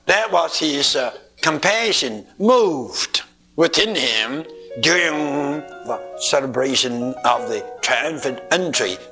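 A man preaching a sermon, telling the story in a deliberate, emphatic way, from an archival recording. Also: on the high side, lively intonation, gravelly, bright, forceful tone, faint music behind. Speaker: Bible teacher.

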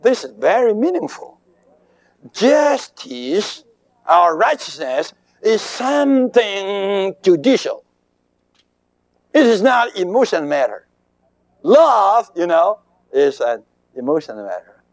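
A man preaching a sermon in emphatic, deliberate short phrases, his voice riding high and swinging widely in pitch. He takes his time, unhurried and slow, and the recording is close and dry with no room sound. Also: sing-song, no room sound.

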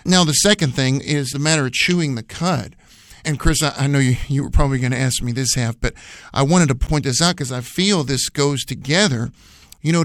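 A man's voice: fairly high pitch, fairly bright tone, dry recording, clean studio sound. A man co-hosting a radio Bible program, teaching in an earnest, emphatic, repetitive preacher's manner.

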